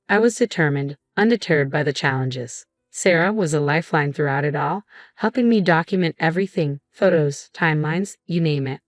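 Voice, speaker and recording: A woman narrating a first-person family drama story in a steady, dramatic way. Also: low voice, normal speed, no echo, studio quality, soft background music.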